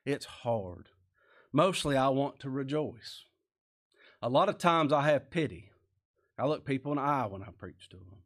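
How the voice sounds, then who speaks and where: A man's voice: mid-range voice, expressive, normal speed, pauses often, fairly bright tone. A man preaching a sermon, earnest and emphatic, with many rhetorical questions.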